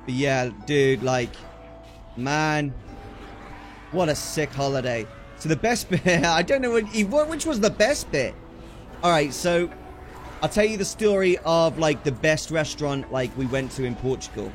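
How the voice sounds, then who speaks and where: A young British man chats away on a game stream, full of slang and quick bursts of excitement. His voice sits on the higher side for a man, and faint music plays underneath. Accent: British English. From Britain. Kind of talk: casual storytelling while gaming.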